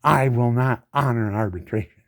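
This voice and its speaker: At a normal speed and mid-range pitch, a disabled veteran in his 70s delivers an angry monologue to the camera. He rants indignantly, using lots of rhetorical questions and repeated words.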